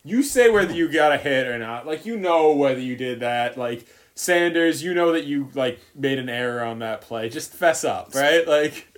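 A man's voice: mid-range voice, normal speed, few pauses. A young man co-hosting a casual chat, rambling with self-deprecating humor.

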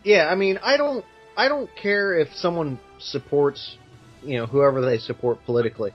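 A man's voice: on the high side, moderate pace, muffled recording, faint music behind. A man co-hosting a casual podcast, giving his views with many "you know" fillers. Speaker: podcast co-host. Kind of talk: casual chat.

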